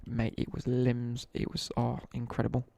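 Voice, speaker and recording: His medium-pitched voice is gravelly and mellow but monotone, delivered at a normal speed with no echo. The young British streamer chats casually while gaming, telling laddish school stories in slang and tossing in asides.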